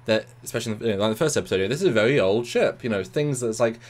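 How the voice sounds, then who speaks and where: A man co-hosting a casual review chat, talking in animated bursts and repeating words. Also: medium pitch, rapid-fire. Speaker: co-host of a review show.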